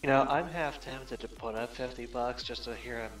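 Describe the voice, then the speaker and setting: A man's voice: mid-range voice, moderate pace, fairly bright tone, soft background music, poor audio. A man making wry comments to his streamer friend in casual banter.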